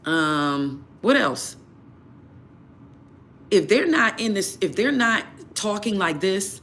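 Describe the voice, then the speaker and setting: A man's voice: high voice, animated, slow, pauses often, sharp tone, slight background noise. A man giving blunt dating advice during a live tarot reading. He repeats his points and asks many rhetorical questions. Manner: emphatic, repeats phrases, fires rhetorical questions. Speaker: tarot reader.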